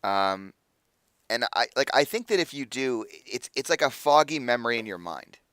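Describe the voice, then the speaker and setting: A man's voice: medium pitch, expressive, moderate pace, a bit bright, clear, resonant tone, no room sound. A man narrating a tabletop game as game master, casual and full of filler words. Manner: casual, many fillers, hesitant.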